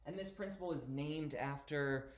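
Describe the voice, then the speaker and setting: Man, teacher, casual lecture video, somewhat high voice, echoey room. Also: normal speed. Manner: casual, chatty explanations with frequent "okay?" check-ins.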